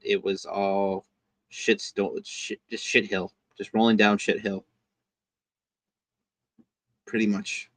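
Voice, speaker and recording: Guy rambling thru a review, lots of ums, bright punchy voice. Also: mid-range voice, no room sound. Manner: rambling, halting, with lots of fillers and restarts. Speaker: host, show reviewer. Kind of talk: casual review talk.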